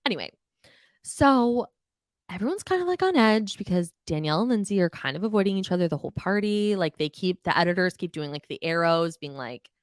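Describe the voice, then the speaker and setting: A young adult woman hosting a podcast, recapping reality TV in a casual, animated, exasperated way, swearing freely and mimicking the people she talks about. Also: on the low side, clear, resonant tone, no echo, clean studio sound.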